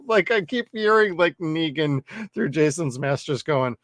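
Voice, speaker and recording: A man co-hosts a podcast, casually discussing a horror film with plenty of swearing and laughter in a laid-back way. His fairly high, slightly bright voice is animated but a little slow. Clean studio sound, no echo.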